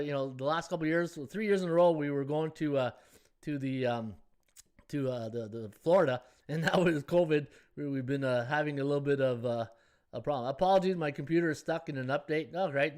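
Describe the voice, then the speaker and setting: A man's voice: a little high, clear, resonant tone. A middle-aged man hosting a sports betting live stream, chatting casually and rambling through viewer comments. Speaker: sports betting podcast host.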